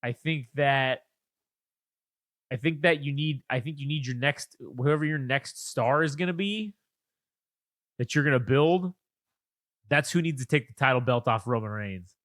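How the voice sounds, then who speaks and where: A man's voice: mid-range voice, measured pace, pauses often, a bit bright, no echo, clean studio sound. A man co-hosting a casual wrestling podcast, rambling with lots of swearing and restarts. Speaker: podcast co-host. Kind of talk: casual chat about wrestling.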